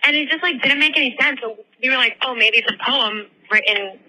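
A woman's voice: high voice, fairly quick, sharp tone, low-quality recording. A woman hosting a podcast, telling a story in casual chat, full of swearing and fillers, on a headphone microphone. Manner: swears constantly, rambling with many fillers. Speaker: podcast host.

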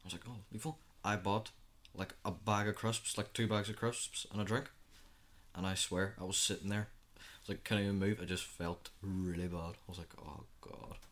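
Sitting low with little pitch variation and a fairly bright tone, this teenage boy's voice moves at a moderate pace. Thirteen years old, he co-hosts a youth podcast as a chatty storyteller who acts out how he reacted in the moment.

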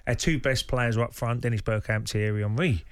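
A man, a former footballer, telling a lively dressing-room story on a radio show. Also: medium pitch, a little fast. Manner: animated anecdotes, acting out voices. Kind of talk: casual storytelling.

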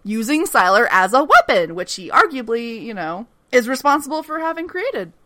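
A woman's voice: fairly high pitch, moderate pace, no room sound. A woman co-hosting a podcast, casually recapping a TV episode with profanity and acted-out lines. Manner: animated, profane, mimics characters' lines. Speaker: podcast co-host recapping a TV show.

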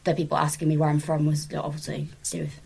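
A woman from England, a podcast guest, talking casually in a halting way full of fillers. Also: sits low, completely flat delivery, gravelly, warm tone, slightly rough. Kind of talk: casual conversation.

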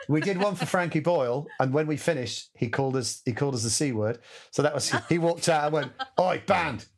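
A man's voice: on the high side, fast talker. A man, a musical director chatting casually as a guest and acting out voices and sounds in his stories. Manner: animated storyteller, acts out voices and sounds. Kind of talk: casual anecdotal chat.

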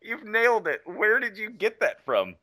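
A man chatting casually as a voice-acting guest, animated and laughing often, now and then slipping into character voices. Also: high-pitched, moderate pace. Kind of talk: casual chat.

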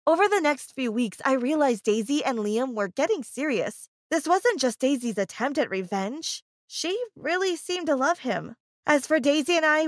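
A woman's voice: fairly high pitch, dry recording, studio quality. Woman telling a first-person story. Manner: emotive, confessional.

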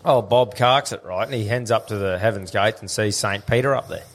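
A man's voice: fairly low pitch, a little fast. A man with an Australian accent hosting a podcast, telling crude jokes in casual banter. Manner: crude joking, storytelling. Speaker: podcast host.

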